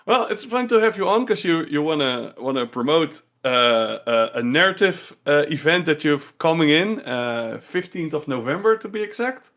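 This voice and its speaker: A man hosting a podcast, halting and laughing easily, with lots of "uh" and restarts. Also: on the high side, lively intonation, a bit bright. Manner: hesitant, laughs often, many "uh" and restarts. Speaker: podcast host. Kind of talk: casual chat.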